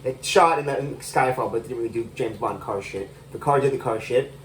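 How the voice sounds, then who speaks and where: Recorded on a phone while cooking in his home kitchen, an American man in his thirties rants about a film in a medium-pitched voice, talking a little fast. The vlogger rambles, sounds exasperated, and swears heavily, with faint noise in the background.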